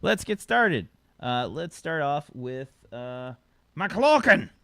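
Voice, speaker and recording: A man's voice: fairly high pitch, sing-song, takes it slowly, fairly bright tone, dry recording, clean studio sound. A man hosting a live tabletop role-play stream as game master, rambling through his intro with many restarts. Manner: rambling, full of restarts and fillers.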